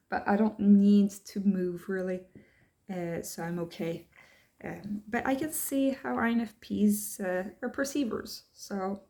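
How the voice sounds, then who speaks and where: Soft-toned woman musing with many ums. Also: mid-range voice. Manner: thoughtful, hesitant, many ums and restarts; reads checklist items aloud, then answers them. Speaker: vlogger. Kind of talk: casual talk to camera.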